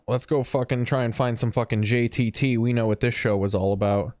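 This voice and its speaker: A man's voice: medium pitch, fairly even intonation, normal speed, few pauses, darkish tone, dry recording, faint music behind. A man hosting a podcast, giving crude, sarcastic commentary on an old tape. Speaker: podcast host. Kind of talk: casual commentary.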